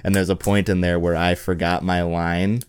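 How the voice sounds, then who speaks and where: A young man co-hosting a podcast in casual chat, halting and repeating words, laughing easily. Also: low voice, level tone, clean tone. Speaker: podcast co-host.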